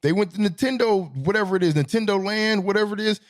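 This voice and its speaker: A man's voice: high-pitched, quick pace. A man hosting a podcast, telling stories in a casual, rambling monologue and laughing at his own jokes. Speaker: podcast host.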